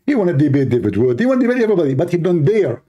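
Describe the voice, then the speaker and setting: Male streamer, higher-pitched and mellow, sarcastic and jeering, broken grammar. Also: big pitch swings, rapid-fire, breathy edge, dull audio. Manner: sarcastic and mocking, nonstandard English grammar. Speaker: host of a live religious debate stream. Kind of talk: mocking livestream monologue.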